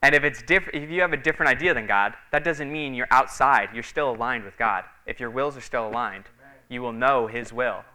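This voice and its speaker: Bright, clear-voiced man preaching. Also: mid-range voice, fairly quick. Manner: conversational storytelling, many fillers. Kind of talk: sermon.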